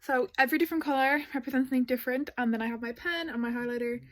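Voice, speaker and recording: A woman chatting casually in a book vlog, excitable and gushing, with exasperated asides. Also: high-pitched, rapid-fire, rough recording. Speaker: book vlogger.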